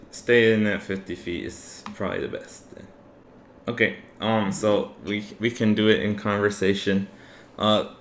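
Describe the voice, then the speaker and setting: A man running a tabletop game as game master, narrating the scene in a relaxed way with many fillers. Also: on the low side. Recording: echoey room with faint ambient noise.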